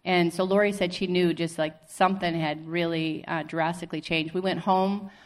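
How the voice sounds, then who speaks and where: A woman's voice: fairly low pitch, steady tone, normal speed. A woman sharing her personal faith testimony, earnestly retelling events with quoted dialogue. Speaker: testimony speaker.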